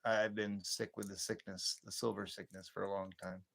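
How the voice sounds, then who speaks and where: A man with a fairly low voice hosting a relaxed late-night livestream. He rambles from story to story, laughs easily and answers viewers' comments as they come in. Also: moderate pace, vocal fry, slightly rough. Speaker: livestream host.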